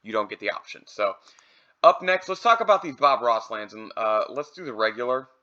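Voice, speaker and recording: A man's voice: medium pitch, a little fast, highs cut off. Casual man reviewing trading cards. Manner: relaxed, thinking aloud with fillers. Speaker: card collector reviewing products.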